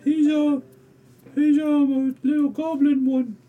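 A man's voice: extremely high pitch, little pitch movement, takes it slowly, narrow, tinny audio, faint music behind, voice pushed up. A man voicing a giant, chatty hamster who runs a carnival wheel, in a nosy, sing-song manner.

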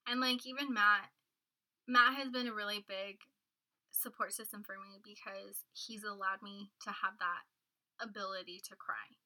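A woman's voice: mid-range voice, steady tone, normal speed, pushed and bright, rough recording. A woman chatting casually and candidly, rambling a little and swearing now and then. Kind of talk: casual chat.

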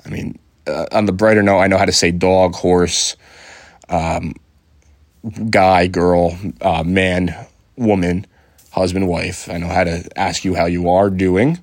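A young man with a fairly low voice talks through his week in an unscripted podcast ramble, cursing casually and stumbling through fillers and false starts. The sound is dry and close, with no room around him. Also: level tone, measured pace, dry recording. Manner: loose and swearing, full of fillers and restarts. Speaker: podcast host.

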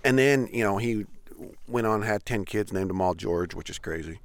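A man's voice: fairly low pitch, moderate pace, dry recording. A man hosting a casual podcast interview, asking loose, meandering questions full of fillers. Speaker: podcast host.

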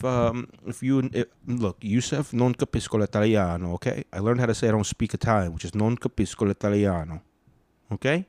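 A man with a fairly low voice hosts his own podcast in casual solo commentary. He rambles, swears and restarts his sentences often. The sound is dry and close, with no room echo. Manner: rambling, profane, many restarts. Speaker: podcast host.

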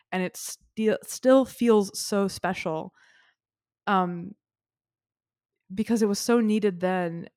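A woman's voice: on the low side, darkish tone, no room sound, clean studio sound. A woman co-hosting a podcast, tearful and sniffling as she talks earnestly and rambles about a film she loves. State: tearful, crying. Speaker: podcast co-host. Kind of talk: emotional film discussion.

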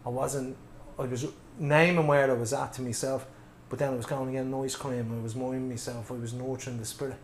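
A man's voice: medium pitch, flat delivery, brisk, hardly any pauses. A man speaking as a podcast guest, reflecting in a casual way with some swearing. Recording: echoey room with faint noise.

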